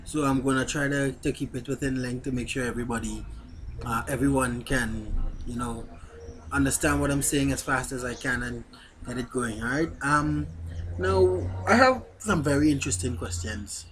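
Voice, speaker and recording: A man's voice: mid-range voice, moderate pace, a bit bright, slight background noise. A man vlogging in a blunt, candid way, speaking straight to his viewers. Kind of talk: casual talk to camera.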